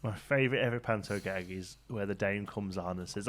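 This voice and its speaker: A man's voice: fairly low pitch, brisk, few pauses. A man co-hosting a casual comedy podcast, teasing his friends and giggling through his stories. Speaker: podcast co-host.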